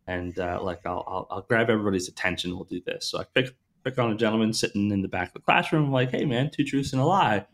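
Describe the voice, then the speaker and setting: A man telling a funny training story on a podcast, animated, often laughing and acting out the voices of the people he quotes. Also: lowish voice. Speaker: guest storyteller, corporate trainer.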